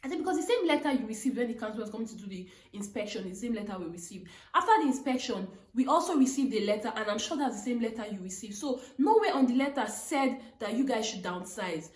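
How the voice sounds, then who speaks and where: Young african woman doing a storytime vlog, high voice, gets loud and worked up retelling a fight, echoey room on a phone. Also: expressive, fast, few pauses. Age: young adult. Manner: retells arguments with rising, emphatic outbursts. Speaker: vlogger telling a story. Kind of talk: animated storytime.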